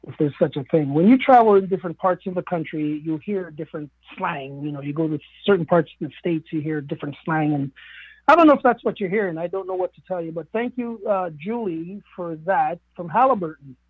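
A man's voice: fairly high pitch, fairly quick, breathy edge, dry recording. A man from the Caribbean speaking on a radio show, talking in an earnest, musing way with many fillers. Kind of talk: reflective radio talk. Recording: narrow phone-like radio sound.

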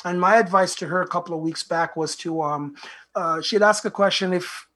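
Male self-help show host, husky voice, earnest and reflective. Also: sits high, fairly even intonation, fairly quick, pushed and bright.

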